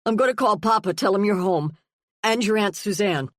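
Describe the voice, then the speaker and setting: A woman's voice: mid-range voice, expressive, normal speed, no room sound, pitched above the performer's own voice, close to an everyday voice. Frantic relieved dad read by a woman, urgent questions, dry close audiobook sound. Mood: relieved, caring. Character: frantic, relieved middle-aged father.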